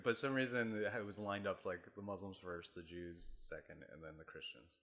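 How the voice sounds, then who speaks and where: Man, podcast guest, very deep voice, halting and jokey. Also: fairly bright tone. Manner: rambling, halting, jokey, laughs. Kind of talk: casual film chat.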